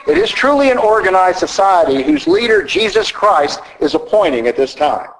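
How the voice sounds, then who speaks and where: A man's voice: sits high, wildly swooping pitch, moderate pace, low-quality recording. A man with a Southern American accent preaching a sermon, emphatic and teacherly, often asking rhetorical questions.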